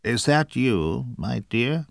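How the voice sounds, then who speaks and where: Croaky sneaky wolf pretending to be grandma, a guy doing it, slow and sly, dry close sound. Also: mid-range voice, sing-song, dry recording, pitched above the performer's own voice, exaggerated voice. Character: big bad male wolf faking a frail grandma. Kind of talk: storybook reading.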